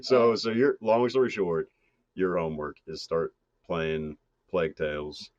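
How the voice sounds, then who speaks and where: A man's voice: deep voice, steady tone, unhurried, darkish tone, no echo, muffled recording. A man hosting a podcast in loose casual banter, swearing freely. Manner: loose, swearing, slips into silly voices. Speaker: podcast host.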